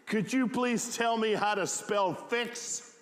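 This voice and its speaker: A man's voice: high voice, takes it slowly, a bit bright, pitched above the performer's own voice. A man voicing a young boy who eagerly and plaintively calls the telephone operator for help. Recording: echoey hall.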